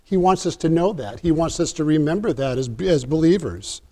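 Earnest man preaching, mellow voice. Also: a little high, expressive, a little fast, few pauses. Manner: earnest, emphatic, self-correcting restarts. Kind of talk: sermon.

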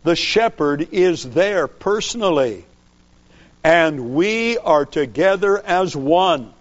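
Male preacher, slow measured delivery, slightly high voice, muffled lo-fi sound. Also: animated. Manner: slow, deliberate preaching with stressed pauses. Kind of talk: sermon.

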